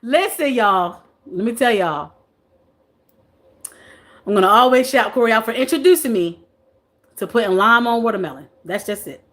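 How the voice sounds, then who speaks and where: A woman's voice: mid-range voice, expressive, normal speed, pauses often, a bit bright. A woman in her forties hosting a casual live stream, chatting playfully with viewers, reading their comments, and laughing often. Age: 40s.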